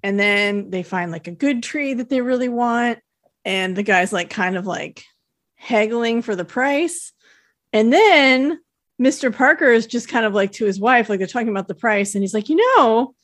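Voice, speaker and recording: A woman co-hosts a casual podcast, walking through a film's plot in a relaxed, chatty way. Her voice sits in a mid range, and her talk is full of little fillers. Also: medium pitch. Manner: relaxed storytelling with many fillers. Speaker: podcast co-host. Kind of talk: casual chat recapping a film.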